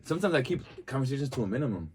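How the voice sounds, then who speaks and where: A man's voice: mid-range voice, racing, background noise. A young man from New York City, co-hosting a podcast in casual chat, telling stories and acting out what people said. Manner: animated storyteller acting out quoted people. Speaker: podcast co-host.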